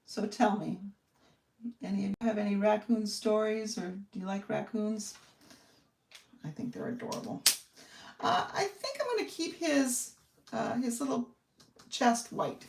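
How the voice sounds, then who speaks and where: A woman's voice: medium pitch, measured pace, gravelly, pauses often, darkish tone, distant mic. A woman hosting a live card-making demonstration, chatting in a friendly, rambling way and thinking aloud as she works. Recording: echoey room, voice set back from the mic.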